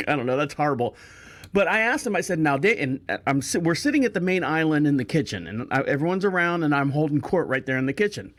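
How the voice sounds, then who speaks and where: A man's voice: a little high, sing-song, fast talker, a bit bright. A man hosting a podcast, telling a rambling holiday story in a casual, wry way and correcting himself as he goes. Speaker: podcast host.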